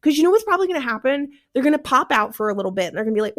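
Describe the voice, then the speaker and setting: A woman guest on a podcast, a paranormal investigator chatting casually in an animated way, swearing freely and acting out what others say. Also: high-pitched, very fast.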